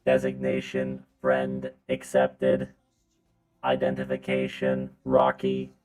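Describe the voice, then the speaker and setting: A man voicing a deadpan male escort robot in a tabletop game, speaking in clipped, literal robotic phrases. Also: a bass voice, slow, soft background music. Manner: flat, clipped robotic delivery. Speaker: game master.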